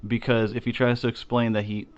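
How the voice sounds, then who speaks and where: A man co-hosting a casual chat show, rambling through a profane, animated retelling. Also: medium pitch, brisk, clear, resonant tone, muffled recording. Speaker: podcast co-host.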